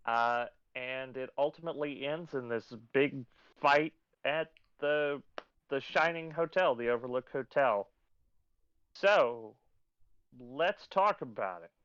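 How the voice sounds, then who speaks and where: Slow talking podcast dude, lots of uhs, smooth voice, kinda muffled dry audio. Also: male voice, mid-range voice, a bit bright, no echo. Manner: unhurried, thinking aloud with many fillers. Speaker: podcast co-host. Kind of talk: casual film review chat.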